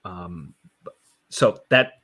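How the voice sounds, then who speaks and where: A man talking casually on a panel as a comics writer, rambling and halting with frequent restarts and fillers. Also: sits low, animated, a bit bright. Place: online panel session.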